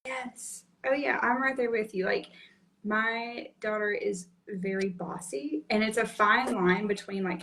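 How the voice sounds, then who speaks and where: A woman's voice: mid-range voice, a little slow. Chatty woman, faint background hiss. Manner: chatty, animated storytelling with many fillers. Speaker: podcast guest. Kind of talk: casual chat.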